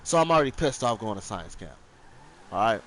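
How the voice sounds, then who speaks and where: A man's voice: lowish voice, big pitch swings, a little fast, a bit bright, a little hiss or hum. A young man casually telling a rambling, profane childhood story, acting out the other people with raised voices.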